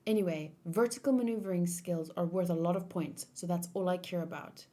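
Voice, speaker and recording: A woman's voice: on the low side, fairly even intonation, a little fast, mellow, lightly acted. A woman reading a cocky young soldier trainee. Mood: smug. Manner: blunt, self-serving. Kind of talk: manga read-along.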